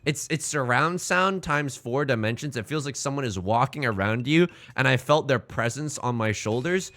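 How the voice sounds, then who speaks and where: A man's voice: mid-range voice, normal speed, few pauses. A man streaming, chatting casually and jokingly with viewers while playing a game. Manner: rambling, jokey, animated asides.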